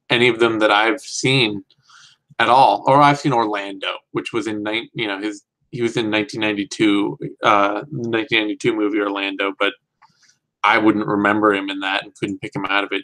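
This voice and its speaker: A man's voice: on the low side, fairly bright tone, poor audio. A man hosting a casual film review show, talking in a rambling, self-correcting way with real enthusiasm.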